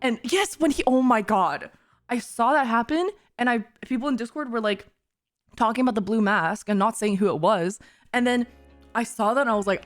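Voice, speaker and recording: A woman streamer chatting casually while reacting to a show, gushing, giggly and excitable, with frequent swearing. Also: a little high, moderate pace, faint music behind.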